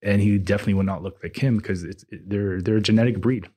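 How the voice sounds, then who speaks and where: Husky low man chatting on a podcast. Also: steady tone, fast, mellow. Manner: rambling, hesitant, many restarts. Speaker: podcast co-host and trainer. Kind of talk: casual podcast chat.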